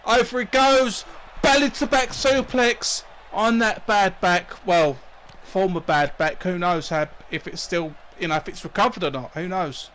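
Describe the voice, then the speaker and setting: Man, high voice, profane bantering wrestling commentary, slight background hiss. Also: unhurried, fairly bright tone. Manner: bantering, swearing, laughs at partner.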